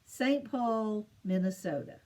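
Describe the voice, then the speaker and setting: A middle-aged woman teaching children, slow and patient, repeating each answer in a sing-song lilt. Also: mid-range voice, lively intonation, mellow. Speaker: teacher of state capitals to children. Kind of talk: slow home-made lesson for children.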